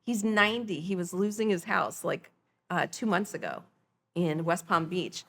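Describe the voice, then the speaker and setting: Appearing as a podcast guest, a middle-aged nonprofit founder recounts her own story with animation, voicing the dialogue as she goes. She has a lowish voice and a moderate pace.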